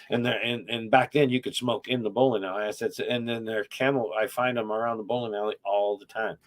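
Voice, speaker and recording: A man's voice: lowish voice, steady tone, fast, hardly any pauses. A middle-aged man hosting a casual podcast chat, telling rambling, profane, wry stories about his YouTube channel.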